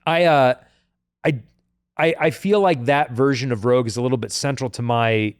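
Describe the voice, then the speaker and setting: A man co-hosting a podcast, chatting casually in an animated, joking way with lots of fillers. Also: medium pitch, smooth, no room sound, clean studio sound. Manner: animated, jokey, puts on quick voices, many fillers. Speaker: podcast co-host. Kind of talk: casual chat.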